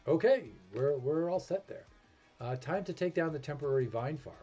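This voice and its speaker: A man's voice: fairly high pitch, animated, normal speed, mellow, muffled recording. A man with a New England accent chatting casually while streaming a game, thinking aloud and poking fun at himself. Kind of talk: casual gameplay commentary. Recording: music playing behind.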